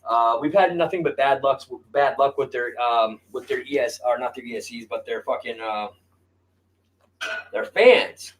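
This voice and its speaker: A man's voice: mid-range voice, steady tone, moderate pace, hardly any pauses, rough recording. A man hosting a hobby video, talking casually and bluntly with constant swearing while he works on a model plane. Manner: blunt, heavy swearing, addresses viewers as "you guys". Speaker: RC hobby channel host. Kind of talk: casual profane workshop talk to camera.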